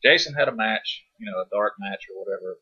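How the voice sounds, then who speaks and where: A man's voice: lowish voice, fast, sharp tone, breathy edge. A man co-hosting a podcast, telling long rambling stories in casual chat, swearing now and then. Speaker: podcast co-host. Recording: dull lo-fi sound.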